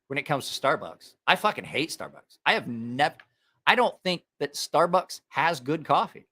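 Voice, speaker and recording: A man on an angry, cursing rant, his voice swinging widely in pitch. It sits a little high and comes out bright and forceful as he vents his opinions straight to the camera. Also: sing-song, moderate pace. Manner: angry, profane ranting. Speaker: knife channel host.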